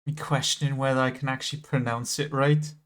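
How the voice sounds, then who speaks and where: A man's voice: mid-range voice, level tone, fairly quick, a bit bright. A British man chatting casually with his viewers while streaming a game, laughing easily and correcting himself as he talks. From Britain. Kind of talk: casual gameplay commentary.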